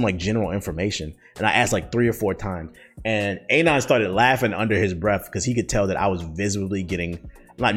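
A young man, a streamer, ranting casually and bluntly with lots of profanity while answering viewer questions. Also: fairly low pitch. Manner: profane, blunt, heated storytelling. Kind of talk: casual rant.

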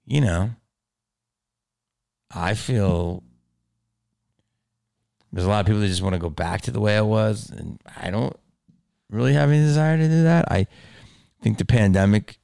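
Low growly guy rambling on his podcast, swears a lot, dead dry sound. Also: normal speed, gravelly, long pauses, clear, resonant tone, dry recording. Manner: rambling, profane, swings between mumbles and loud outbursts. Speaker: podcast host. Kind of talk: casual monologue.

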